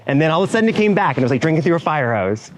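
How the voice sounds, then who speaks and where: This is a motivational keynote for event professionals, given by a man with a fairly high voice at a racing pace. The rough recording has a little hiss or hum. He's animated, speaks straight to the audience with many asides, and acts out the inner voices and clients he cites.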